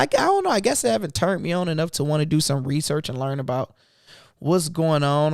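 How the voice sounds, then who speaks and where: A man hosting an investing channel chats loosely about his trades in a casual livestream. His voice is fairly high and creaky, recorded at studio quality with no echo.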